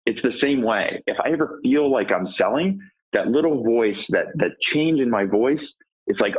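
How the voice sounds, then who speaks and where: A man's voice: medium pitch, lively intonation, moderate pace, husky. Man sales coach on a tinny phone line. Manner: asks rhetorical questions and answers them himself. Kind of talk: podcast interview answers.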